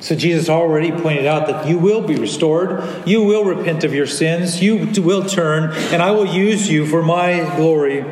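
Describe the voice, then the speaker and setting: High-voiced man preaching in an echoey hall. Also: moderate pace, hardly any pauses, a little mellow, slight background noise. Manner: earnest, acts out quoted lines. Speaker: pastor. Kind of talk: sermon. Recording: echoey hall, faint ambience.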